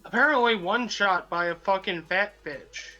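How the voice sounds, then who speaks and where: Young guy friend on voice chat, bright edgy voice, dry teasing. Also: high voice, normal speed, muffled recording, faint music behind. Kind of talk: casual chat over voice call.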